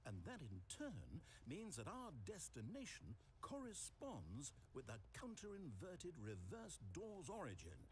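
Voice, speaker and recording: A man's voice: a little high, huge pitch swings, a little slow, hardly any pauses, slight background noise. A man voicing a middle-aged male game narrator who speaks in a dry, mock-grand, theatrical way.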